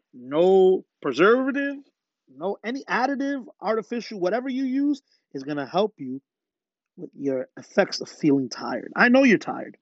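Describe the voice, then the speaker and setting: A man's voice: sits high, no room sound. A man preaching a podcast sermon with fervor, often putting questions to his listeners. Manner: fervent, asks listeners rhetorical questions. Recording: dull lo-fi dry sound.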